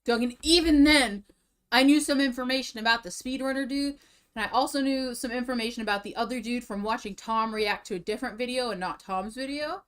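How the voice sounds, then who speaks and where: A young woman on a livestream chats casually and rambles, out of breath after eating, in a slightly high, bit bright voice at a brisk pace. She's chatty and often restarts her sentences.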